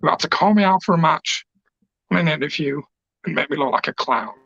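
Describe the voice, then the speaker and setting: A man's voice: fairly high pitch, fairly quick, creaky, a bit bright, no echo. A man, a pro wrestler cutting an emotional, passionate, rambling promo. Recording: dull lo-fi dry recording.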